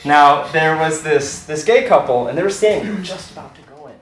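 A young man tells a personal story with excitable energy, his somewhat high voice swinging widely in pitch. The sound is roomy and echoey, as on a live stage, with a faint hiss of noise behind him. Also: brisk.

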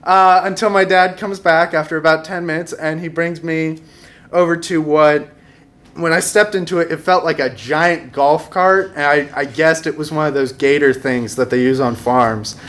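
This young storyteller at a live show speaks at normal speed in a fairly high, somewhat bright voice with fairly even intonation. He tells a funny personal story on stage, chuckling and poking wry fun at himself.

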